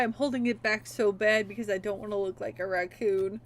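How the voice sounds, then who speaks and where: Young woman streamer, talks fast and chatty, lots of likes, kinda high voice. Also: steady tone. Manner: chatty and emotional, many fillers. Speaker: streamer playing a game. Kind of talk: casual chat.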